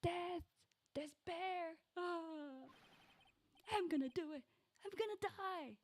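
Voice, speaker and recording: Woman voicing a high, wailing, frantic young man. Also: very animated, slow, husky, heavily acted. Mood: distraught wailing. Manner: sobbing, melodramatic shouting.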